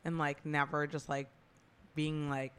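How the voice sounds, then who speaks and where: A woman's voice: low voice, flat delivery, measured pace, fairly bright tone, clear, resonant tone. A woman co-hosting a casual celebrity gossip chat, talking chattily with lots of "like" and strong opinions. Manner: chatty, heavy use of "like", opinionated. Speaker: podcast co-host.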